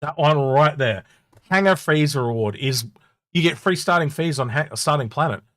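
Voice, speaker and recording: A man co-hosting a casual gaming chat, animated and quick to laugh. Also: a little high, no room sound. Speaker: co-host.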